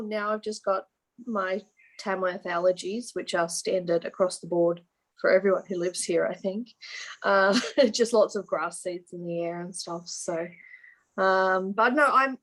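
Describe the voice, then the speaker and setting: A woman's voice: medium pitch, low-quality recording. Chatty Australian woman podcast co-host. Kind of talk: casual chat.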